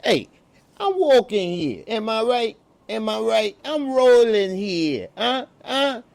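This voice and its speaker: A man as a brash New street guy, high-pitched and loud. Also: big pitch swings, slow, vocal fry, exaggerated voice. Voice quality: loud, challenging.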